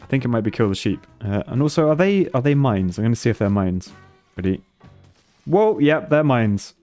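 A man's voice: medium pitch, expressive, normal speed, warm tone, faint music behind. A man commentating his gameplay on a stream, thinking aloud and laughing often.

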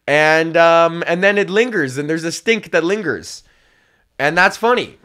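A man's voice: a little high, animated, unhurried, sharp tone. A young man from Canada telling a long comedic story on his podcast. He rambles in a profane, loose way, often breaks into laughter and acts out the people he quotes. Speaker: podcast host. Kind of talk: casual comedic rant.

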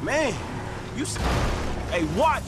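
A man playing an excitable young street hustler in a video game, full of slang and cursing. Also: very high voice, slow, heavy background noise, heavily acted. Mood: wry. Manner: slangy, hyped, cursing freely.

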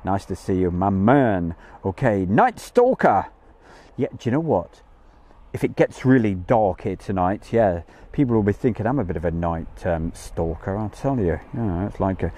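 A man's voice: fairly low pitch, big pitch swings, normal speed, mellow. A man hosting a live stream outdoors from a campsite field, chatting in a jokey way and greeting viewers by name. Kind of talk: casual live-stream chat.

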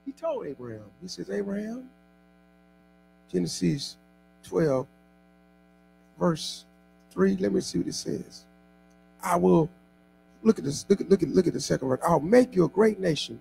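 A male pastor preaching a sermon, calling on the congregation to repeat after him and often shouting. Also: high-pitched, lively intonation, normal speed, creaky, long pauses, faint music behind. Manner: exhorting call-and-response preaching, often shouting.

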